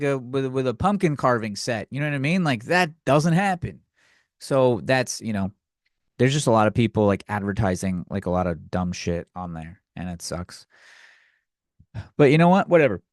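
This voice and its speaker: A man's voice: medium pitch, no room sound, clean studio sound. A young man hosting a comedy podcast, ranting sarcastically and profanely on his own. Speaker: podcast host. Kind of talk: solo comedy rant.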